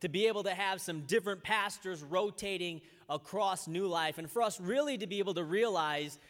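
Young pastor, high lively voice. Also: male voice. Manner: lively storytelling, slows down and softens in prayer. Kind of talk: sermon. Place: church. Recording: long reverb of a large church hall.

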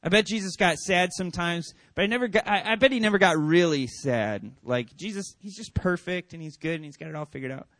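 A man's voice: sits high, brisk, few pauses, no room sound. A man in his thirties giving a conversational sermon, acting out people's thoughts with lots of "like" and "man". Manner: conversational, animated, acts out quoted thoughts. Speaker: pastor. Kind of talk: casual sermon.

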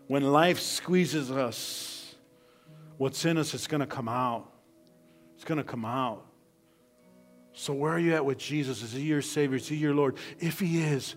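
A man preaching a sermon as pastor, swinging from loud bursts to hushed near-whispers and repeating key phrases for emphasis. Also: mid-range voice, slow pace, soft background music.

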